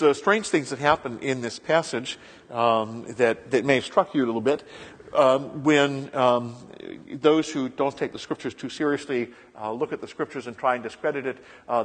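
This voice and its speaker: A man's voice: mid-range voice, husky. A male pastor reads scripture and then teaches a sermon in a conversational way, with frequent ums and uhs. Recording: long echoing reverb of a large hall.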